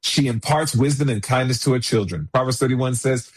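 A man's voice: mid-range voice, moderate pace, hardly any pauses, breathy edge. A man preaching a sermon in an earnest way, reading passages aloud and then speaking freely with many "you know"s. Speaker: pastor.

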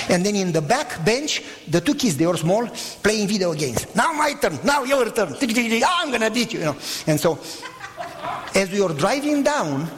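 Male preacher; high, lively voice, dramatic storyteller, reverberant church hall. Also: slight background noise. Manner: animated, acts out voices, emphatic. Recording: long reverb of a large hall.

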